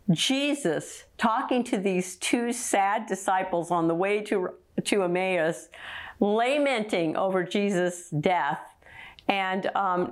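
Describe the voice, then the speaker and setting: Earnest woman teaching the Bible. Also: mid-range voice. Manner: earnest, exhorting, with frequent restarts. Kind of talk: radio-style Bible teaching.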